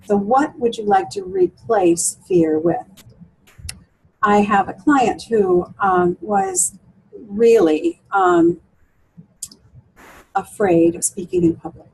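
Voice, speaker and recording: A woman's voice: very high voice, very animated, slow, creaky, long pauses, a little mellow, poor audio. A woman coach for women, talking through client stories in an interview with many fillers and restarts. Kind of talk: interview conversation.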